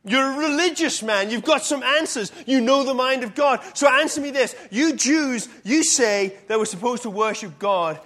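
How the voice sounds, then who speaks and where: A defensive, quick-tongued Samaritan woman, put on by a male preacher, fires off challenging questions in a lifted voice. The pitch sits high for a man. It is a storytelling voice inside a sermon. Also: lively intonation, a bit bright. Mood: probing. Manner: rapid, challenging, rising questions. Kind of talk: sermon storytelling with acted quotes.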